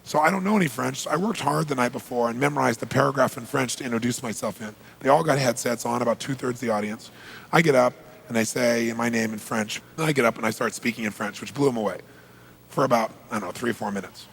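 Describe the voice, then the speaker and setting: A man's voice: mid-range voice, fast, vocal fry, a bit bright, long reverb tail, a little hiss or hum. A man giving a motivational seminar talk, telling stories and quizzing the audience. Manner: storytelling, asks the audience questions. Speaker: seminar speaker.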